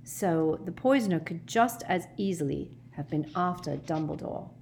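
Woman voicing a soft, breathy teenage girl. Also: lowish voice, lively intonation, moderate pace, a little hiss or hum. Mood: reasoning.

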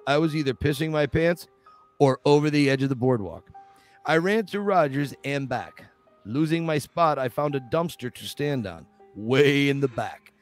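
A man reading a first-person memoir chapter aloud as a podcast host, with light laughs now and then. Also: mid-range voice.

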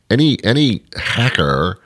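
A man's voice: medium pitch, big pitch swings, slow pace, a bit bright, dry recording. A man co-hosting a casual chat, dry and wry and poking fun at his own cynicism.

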